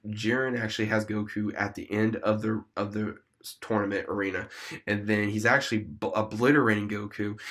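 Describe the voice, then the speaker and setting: A young man casually retelling an episode in a rambling, excited way as a YouTube reviewer. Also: lowish voice.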